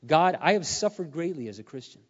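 A middle-aged man preaching a sermon, earnest and confessional, swinging between quiet admissions and loud emphatic peaks, his voice wearing hoarse. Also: fairly high pitch, expressive, fairly quick. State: losing his voice. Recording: muffled sound in a reverberant hall.

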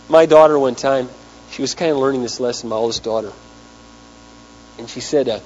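A man's voice: fairly high pitch, sing-song, fast, slightly rough. A man preaching a sermon as pastor, telling stories and asking the congregation rhetorical questions. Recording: dull lo-fi 1990s sermon tape with faint mains hum.

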